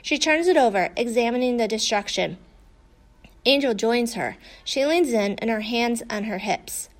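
A woman narrating a children's story in a lively way. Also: a little high, normal speed. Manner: lively, voices the dogs' dialogue. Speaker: audiobook narrator.

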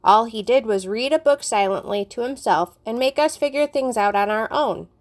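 An adult woman reading a children's chapter book aloud, narrating clearly and expressively. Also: a little high, expressive, normal speed. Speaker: storybook reader.

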